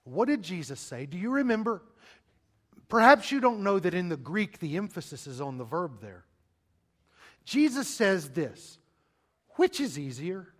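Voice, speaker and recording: Preaching to his congregation, this pastor calls them "beloved" and asks questions he doesn't expect answered. His voice sits high and is very animated, moving from forceful loudness to an almost-whisper, broken by long, dramatic silences.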